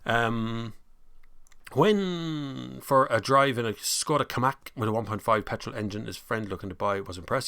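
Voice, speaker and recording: Gravelly Irish man chatting casually. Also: medium pitch, lively intonation, moderate pace, a bit bright, no room sound, clean studio sound. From Ireland. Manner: chatty and rambling, laughs easily. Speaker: motoring live-stream host. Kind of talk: casual live-stream chat reading viewer comments.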